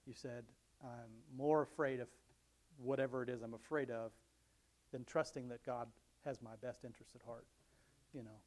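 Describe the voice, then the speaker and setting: A man's voice: medium pitch, fairly even intonation, normal speed, darkish tone. A middle-aged man giving a casual devotional talk, rambling, chuckling often and restarting his sentences. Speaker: Christian speaker.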